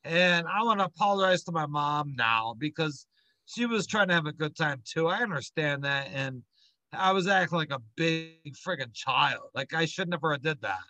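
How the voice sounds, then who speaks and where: A man's voice: fairly high pitch, animated, normal speed, pushed and bright. A man co-hosting a podcast, candidly recounting a story in casual chat with rambling restarts. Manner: candid, rambling with fillers and self-corrections.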